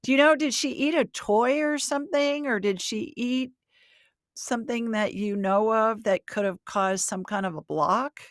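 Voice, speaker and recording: A woman hosting a live call-in show, chatty and quick to laugh, her pitch jumping up when excited. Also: no echo, clean studio sound. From Alabama, US South. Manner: chatty, laughs easily, lively swings in pitch. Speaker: host and intuitive reader.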